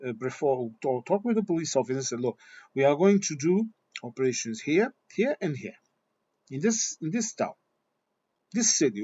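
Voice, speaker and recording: A man's voice: on the high side, sing-song, moderate pace, dark tone, slightly rough. Blunt, swearing man on a dull recording. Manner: blunt, swearing, repeats himself. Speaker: vlogger. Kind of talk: opinion monologue.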